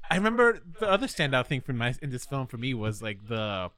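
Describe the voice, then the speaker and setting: A man co-hosting a film podcast in casual chat, animated and often acting out his own reactions. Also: medium pitch, brisk. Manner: chatty, animated, quotes himself. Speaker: podcast co-host.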